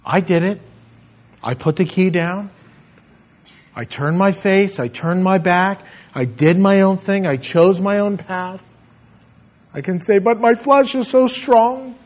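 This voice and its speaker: Male preacher, slightly high voice, earnest, drops to a near hush, dull lo-fi church recording. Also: slow, long pauses. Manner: earnest, swings between emphatic and hushed. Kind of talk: sermon and closing prayer. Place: church sanctuary.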